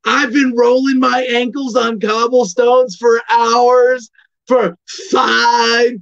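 A man doing an impression of an exasperated male comedian, with loud, drawn-out indignation. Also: extremely high pitch, flat delivery, vocal fry, lo-fi sound, voice pushed up, exaggerated voice. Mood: indignant.

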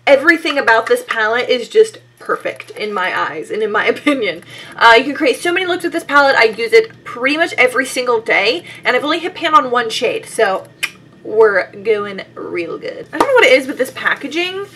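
A young woman talks through her favorite beauty products in a loose, chatty vlog style. She laughs often and leans on "like" as she goes. Her voice is bright and forceful and sits a bit high. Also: sing-song, fairly quick, slightly rough. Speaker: beauty vlogger. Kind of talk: casual makeup favorites vlog.

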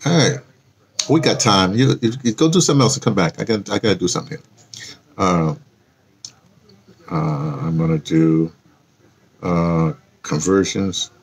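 A man's voice: low-pitched, moderate pace, pauses often, husky. A middle-aged man talking in a rambling, casual vlog, drifting off-topic and restarting his sentences often. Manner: meandering, with many fillers and restarts. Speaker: vlogger.

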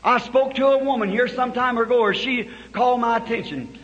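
A man preaching a sermon, building from plain telling to shouted climaxes, recorded on a dull old tape. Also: very high-pitched, a little fast, in a large hall. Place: church hall.

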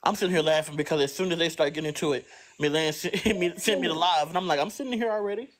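Slightly high chatty man. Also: steady tone, fast. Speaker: live stream panelist. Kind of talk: casual chat.

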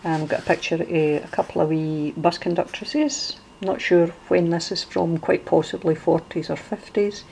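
A middle-aged woman with a Glasgow accent talks casually through a handmade journal, page by page. Her voice sits low and mellow. She rambles and restarts often. A faint noise floor runs beneath. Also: steady tone, moderate pace, gravelly, few pauses, rough recording. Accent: Glaswegian Scottish. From Scotland. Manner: chatty, wandering, with many fillers and restarts. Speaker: crafter showing a junk journal. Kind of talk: casual show-and-tell.

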